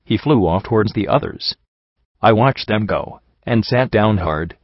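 A man narrating a first-person story in a steady, even reading voice. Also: on the low side, a little slow, no echo. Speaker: audiobook narrator. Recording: dry, slightly dull home recording.

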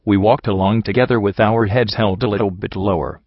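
A man reading a first-person story aloud in a steady, even way, recorded dry and slightly dull. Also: fairly low pitch, brisk, no room sound. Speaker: audiobook reader.

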